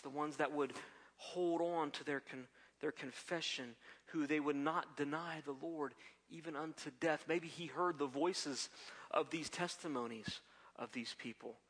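A man preaching a sermon. He swings from loud emphasis down to hushed whispers, and he often repeats words and restarts his phrases. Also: medium pitch.

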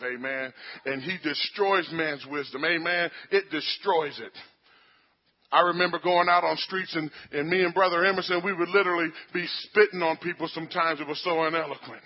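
A man preaching a sermon, building to fervent peaks with amens and hallelujahs and dropping low for quoted voices. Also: moderate pace, highs cut off. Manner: rising to shouted fervor with amens and hallelujahs.

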